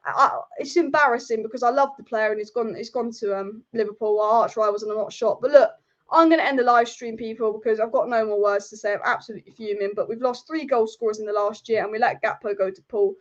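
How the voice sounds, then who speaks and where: A woman's voice: a little high, steady tone, fast talker, dull audio. A woman hosting a football live stream, furious and exasperated, repeating herself as she rants. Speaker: football channel host.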